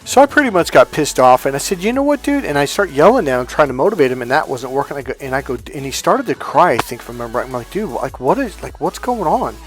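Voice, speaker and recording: A man telling a personal story as a motivational coach, animated and swearing freely, acting out quoted dialogue loudly. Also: medium pitch, fast, few pauses, soft background music. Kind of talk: casual storytelling monologue.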